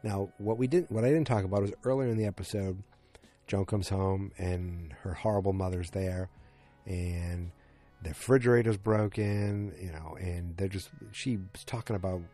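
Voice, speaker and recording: A man's voice: sits low, fairly even intonation, moderate pace, warm tone, faint music behind. A man casually recapping a TV episode, rambling with lots of fillers and restarts.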